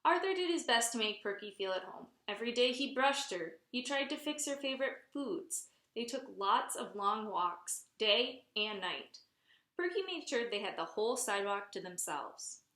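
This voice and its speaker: A woman reading a picture book aloud in a clear, expressive storytelling manner. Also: on the high side, normal speed, reverberant. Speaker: reader.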